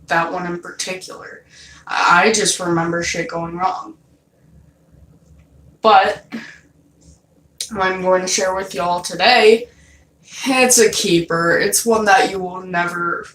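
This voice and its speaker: A woman's voice: fairly low pitch, a bit bright. A young woman telling a dream story in a loose, casual way, swearing often and leaning on fillers. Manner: loose and profane, many fillers. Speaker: vlogger. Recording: roomy, from a distance off mic.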